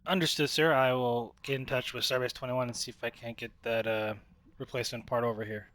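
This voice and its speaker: A man's voice: mid-range voice, fairly even intonation, brisk, a bit bright, dry recording. A man playing a lieutenant in a tabletop role-play game, reporting dutifully with some fillers.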